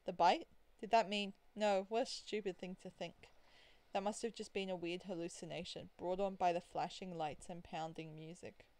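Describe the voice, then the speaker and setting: A woman's voice: fairly low pitch, steady tone, moderate pace, a little mellow, no echo. A woman playing through a visual novel, reading the story aloud and breaking off into chatty, rambling asides with giggles. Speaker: let's play gamer.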